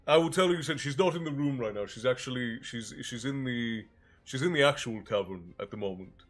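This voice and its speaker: A man hosts a storytelling livestream with a stuffy, congested voice, sitting at a middling pitch. He rambles, restarts his phrases and greets viewers by name. Faint music plays beneath him. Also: a little fast. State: congested, low on breath. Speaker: stream host and storyteller. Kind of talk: casual chat with a live chat, then reading a fantasy novel aloud. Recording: soft music underneath.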